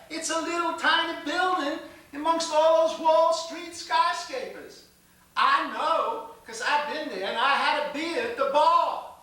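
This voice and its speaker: A man's voice: extremely high pitch, pushed and bright, heavily acted. An actor playing a folksy Southern man who proudly tells family tales in a theatrical monologue, with a Southern US accent and rural grammar. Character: folksy older Southern man proud of his soldiering kin. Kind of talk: theatrical monologue for an acting class. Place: classroom or small stage. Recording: echoey room with the mic far away.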